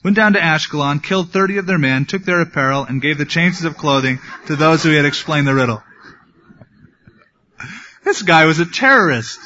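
Male pastor, slightly high voice, bright tone, casual Bible teaching with wry asides, dull lo-fi recording. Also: moderate pace. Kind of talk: sermon.

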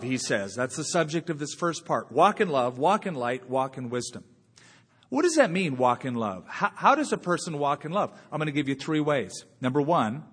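A man preaching a sermon as a pastor, conversational and unhurried, with long dramatic pauses. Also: fairly high pitch, husky. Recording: long church reverb.

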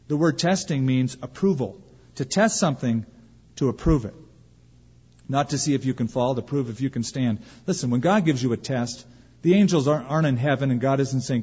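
A man preaching a sermon as pastor, emphatic and preacherly, with pauses and rhetorical questions. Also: mid-range voice, expressive, a little mellow, husky, big-room sound, dull audio.

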